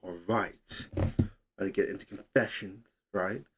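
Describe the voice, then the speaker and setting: A man's voice: sits low, fairly even intonation, measured pace, noisy background. A young man hosting a casual livestream, chatting loosely, reading comments aloud and fumbling with his setup. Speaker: livestream host.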